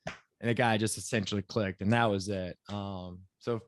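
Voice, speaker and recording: A man, a former pro quarterback, telling stories in a relaxed, wry way on a podcast, acting out what others said. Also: on the low side, normal speed, smooth, no room sound, clean studio sound. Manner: laid-back, wry storyteller, acts out quotes. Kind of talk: casual storytelling interview.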